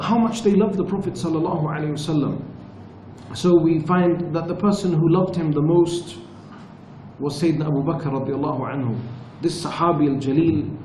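A man giving a religious lesson at a retreat, telling stories in an earnest, measured way. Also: a little high, warm tone, slight background noise. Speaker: religious teacher. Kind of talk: storytelling lecture. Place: retreat lecture room. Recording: echoey room with faint ambience.

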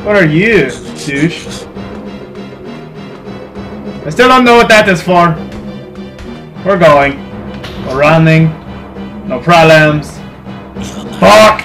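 A young man commenting on a video game he is playing, swearing and yelling at it in an irritable mood. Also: sits high, slow, long pauses, soft background music. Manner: excitable, swearing, shouting at the game. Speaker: gaming channel host. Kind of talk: casual let's-play commentary.

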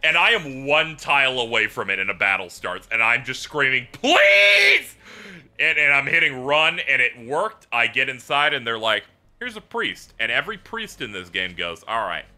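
A man livestreaming and chatting casually about a game, telling it as an animated story with swearing and laughter. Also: medium pitch, moderate pace, hardly any pauses. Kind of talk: casual gameplay chat.

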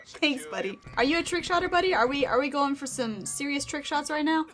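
A woman's voice: sits high, expressive, normal speed, a bit bright, faint music behind. A young woman chatting and giggling through a video game, talking sweetly to her pet snake. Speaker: gaming YouTuber. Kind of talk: casual gameplay commentary.

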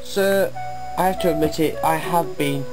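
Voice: medium pitch, normal speed, over music, lightly acted, rough recording. A narrator voicing an old, kind but proud male tank engine who grumbles about being disrespected. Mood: earnest. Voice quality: grumbling, resentful. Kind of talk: amateur storybook voice acting.

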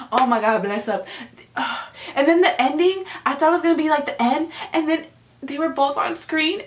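A young woman with a bright, fairly high voice gushes through a reaction vlog, cursing freely and repeating herself in slangy bursts. She is recorded at home in a room that rings with echo. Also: moderate pace. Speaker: vlogger reacting to a music video. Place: at home, just woke up.

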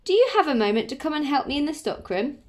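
A woman's voice: sits high, big pitch swings, quick pace, pitched above the performer's own voice. A woman reading aloud and voicing a firm but loving older grandmother in a children's story, with an English accent. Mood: brisk. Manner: firm yet gentle.

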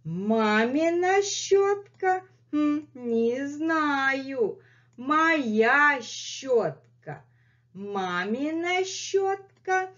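Lady doing a squeaky stubborn puma who won't give up its brush, slow teasing drawl, dull lo-fi sound. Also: expressive, a bit bright, exaggerated voice. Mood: coy teasing. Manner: slow drawn-out teasing replies with high squeaky questions. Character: possessive pet puma, stubborn and coy.

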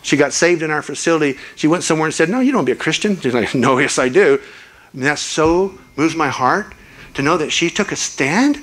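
An older man preaches at a church, his voice sitting high for a man. He tells stories earnestly and slips into lively voices for the people he quotes. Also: brisk. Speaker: guest preacher. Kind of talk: sermon.

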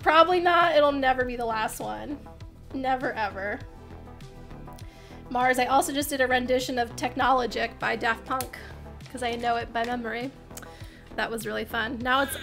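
A woman's voice: high-pitched, fairly bright tone. A woman chatting with viewers on a crafting livestream, bubbly and giggly, often laughing as she talks. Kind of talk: casual crafting livestream chat.

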